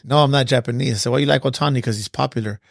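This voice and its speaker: Fast gravelly-voiced blunt coach. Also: male voice, mid-range voice, steady tone, dry recording, studio quality. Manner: blunt, profane storyteller. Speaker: boxing coach. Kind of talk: casual podcast chat.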